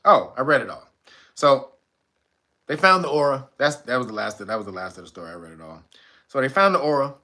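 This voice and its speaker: A man's voice: medium pitch, sing-song, fairly quick, pushed and bright. A man hosting a livestream, telling a casual, profane story and laughing often. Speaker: livestream host.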